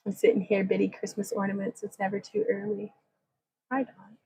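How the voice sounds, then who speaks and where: A woman's voice: mid-range voice, completely flat delivery, fairly quick, darkish tone, slightly rough, no room sound, low-quality recording. A woman hosting a casual craft livestream, talking through a wire-wrapping demonstration in a chatty, rambling way, laughing often and reading chat comments aloud. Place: home craft room.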